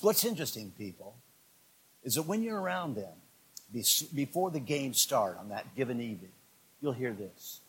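A man preaching a sermon as pastor, swinging from low, quiet asides to shouted, fired-up exhortation. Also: breathy edge.

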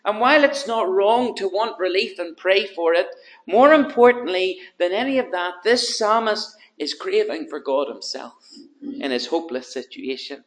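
A man's voice: high voice, expressive, moderate pace. A man preaching a sermon in an earnest manner, building his points through repeated rhetorical questions.

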